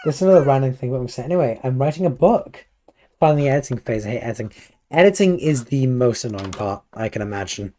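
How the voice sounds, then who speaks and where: A British man with a slightly hoarse voice, chatting casually and playfully with his live chat while gaming. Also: medium pitch, very animated, fairly quick, dark tone. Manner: rambling, playful, chatty asides. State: a little hoarse. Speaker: livestreamer.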